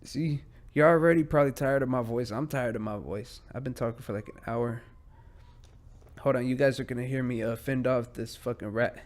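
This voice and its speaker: A man's voice: medium pitch, brisk. Profane rambling male podcast host. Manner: easily distracted, drifts off mid-sentence. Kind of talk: solo podcast chat.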